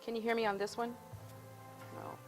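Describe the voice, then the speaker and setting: A woman's voice: fairly high pitch, level tone, normal speed, faint music behind, low-quality recording. Choked-up woman speaking from the heart. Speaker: guest speaker. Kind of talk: emotional speech at an event.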